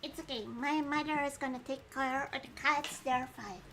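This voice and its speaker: A bubbly woman streaming a game, with a high voice that chats, laughs and reads lines aloud while she eats. A faint hiss sits under her voice. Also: steady tone, normal speed. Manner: chatty and giggly, eating and talking with food breaks. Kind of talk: casual livestream chat while reading a game aloud.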